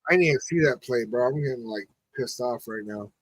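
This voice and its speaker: Frustrated by the game, a man hosting a live football watch party reacts to the plays and talks with his chat. He's a podcast host with a medium-pitched voice at a fairly quick pace, and the audio is poor with no echo.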